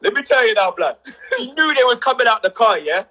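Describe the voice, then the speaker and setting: A young man, telling a story on a casual livestream with rising excitement and shouts. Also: extremely high pitch, brisk, creaky, low-quality recording. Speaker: livestream co-host.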